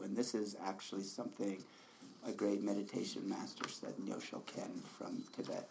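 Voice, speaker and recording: A man giving a relaxed, conversational dharma talk as a meditation teacher, often laughing softly. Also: fairly low pitch, moderate pace, creaky, a little hiss or hum.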